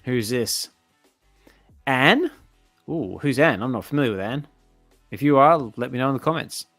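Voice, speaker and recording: Channel host, male, middle pitch; casual comic read-through with excitable reactions, dry room, faint music bed. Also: moderate pace, no room sound. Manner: chatty, excitable, reacts aloud. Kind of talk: casual comic book reading with commentary.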